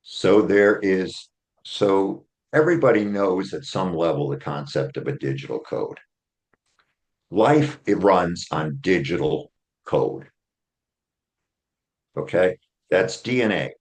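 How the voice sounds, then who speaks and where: A man's voice: low voice, expressive, takes it slowly, long pauses, a little mellow. A man, an author and attorney, being interviewed, explaining his argument step by step and checking in with "okay?". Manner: earnest, builds a case step by step with "okay?" check-ins.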